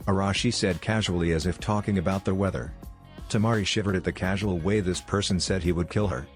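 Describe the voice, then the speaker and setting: A man narrating a fan fiction story in a steady, even reading. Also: low-pitched, a little fast, soft background music.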